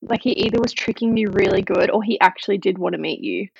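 A woman's voice: mid-range voice, steady tone, quick pace, vocal fry, darkish tone, breathy edge, no echo, dull audio. A woman co-hosting a podcast, teasing her friend as she listens. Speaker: podcast co-host. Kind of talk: casual chat.

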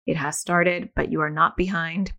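A middle-aged woman talks into a podcast mic in a relaxed, chatty way. Her voice sits slightly low, and she reassures the listener with a gentle tone and many casual fillers. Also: moderate pace, vocal fry, dull audio. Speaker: podcast host.

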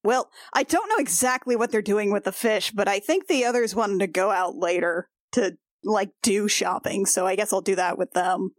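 A woman playing a tabletop game, chatty and quick to laugh. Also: medium pitch, no room sound, studio quality. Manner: giggly, chatty. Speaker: player. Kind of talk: casual tabletop play.

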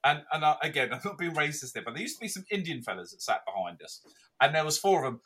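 A man co-hosting a football podcast, telling stories in a sweary, animated way. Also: fairly high pitch, quick pace, slightly rough. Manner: sweary, animated storytelling with mocking posh voices. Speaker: podcast co-host. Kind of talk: casual football chat.

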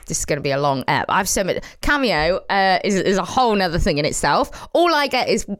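A woman co-hosting a podcast in casual chat, lively and self-deprecating, laughing a lot. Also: on the low side, fairly quick. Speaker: co-host.

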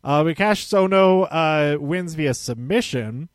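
A man recaps casually in a slightly higher-than-usual voice, circling back and fixing his own words with a chuckle here and there. The sound is dry and close. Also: animated, measured pace, no echo. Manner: rambling, self-correcting, chuckling. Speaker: show recap host.

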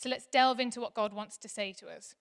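A woman, preaching a sermon in a chatty, animated way that turns soft and earnest. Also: fairly high pitch, brisk.

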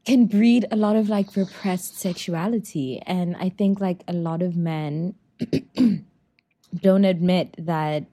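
A woman with a lowish voice and an unhurried pace in casual chat. She listens for long stretches, then reflects on her points in a calm, steady way.

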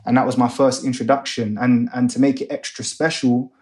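A young man who works as a music A&R manager appears as a guest on an interview podcast. He tells his story casually and animatedly, acting out other people's voices, in a mid-range voice at a fairly quick pace.

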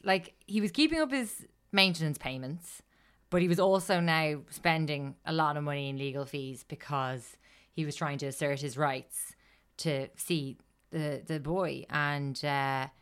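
Low, smooth-voiced sweary woman storyteller. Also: a bit bright. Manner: chatty, sweary, laughs often. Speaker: podcast co-host telling a story. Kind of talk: casual chat.

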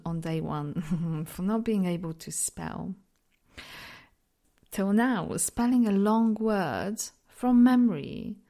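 Slow-talking Polish woman, mixed accent. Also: mid-range voice, mellow. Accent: mixed Polish-British. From Poland. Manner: candid and self-deprecating, laughing often. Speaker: podcast host. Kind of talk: reflective solo podcast monologue.

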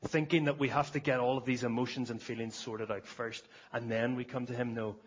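A man's voice: medium pitch, little pitch movement, a little fast, breathy edge, dull audio. A man preaching a sermon at a church service, earnest, often repeating words as he starts a phrase.

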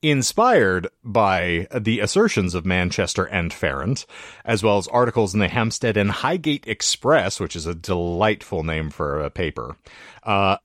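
A man's voice: low-pitched, expressive, a little slow, fairly bright tone, no room sound, clean studio sound. A man hosting a podcast, reading a researched story with wry jokes in a casual chat. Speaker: podcast host.

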